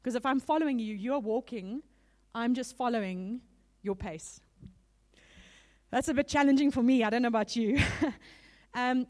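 A woman preacher giving a sermon in a conversational way, with small laughs between points, a little nervous. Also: fairly high pitch. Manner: warm laughing asides, conversational.

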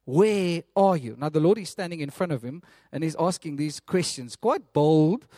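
A man preaching a sermon, animated and storytelling, often repeating himself as he goes. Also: on the high side, normal speed, no echo, studio quality.

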